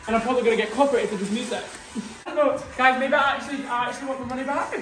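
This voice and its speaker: A man who performs as a drag queen, vlogging casually to a handheld phone camera, chatty and excitable and full of "literally" and "um". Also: very high voice, fast talker, soft background music.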